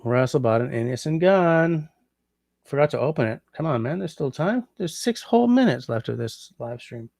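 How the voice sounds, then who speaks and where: Gravelly man chatting on a livestream. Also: fairly high pitch, lively intonation, moderate pace, a little mellow, no room sound, studio quality. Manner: muses aloud, trying out French translations. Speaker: livestream host. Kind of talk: casual livestream chat reading comments.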